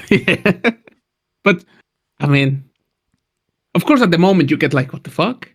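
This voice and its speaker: A man's voice: on the high side, takes it slowly, slightly rough. A man from Mexico co-hosting a casual podcast chat, joking and acting out quoted lines as he tells stories. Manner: animated, jokey storytelling with acted-out quotes. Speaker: podcast co-host.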